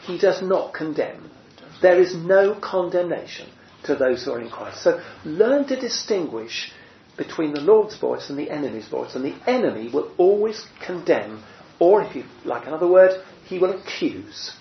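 A man's voice: on the high side, very animated, moderate pace, gravelly, slight background noise. A man teaching a small group in a chatty way, full of fillers and restarts, asking his listeners questions. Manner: conversational, many fillers and restarts, asks the room questions. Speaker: preacher. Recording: muffled roomy recording.

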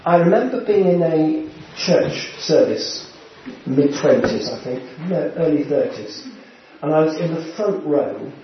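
A man preaching a sermon in an unhurried way, pausing often and clearing his throat between phrases. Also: a little high, expressive. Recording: very echoey, dull church sound with faint hiss.

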